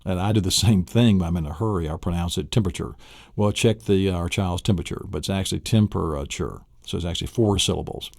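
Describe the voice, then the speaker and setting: Deep-voiced man teaching spelling. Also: fast, gravelly, hardly any pauses, no echo, clean studio sound. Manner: spells words out letter by letter; asks the listener rhetorical questions. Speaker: spelling instructor. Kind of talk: recorded spelling lesson.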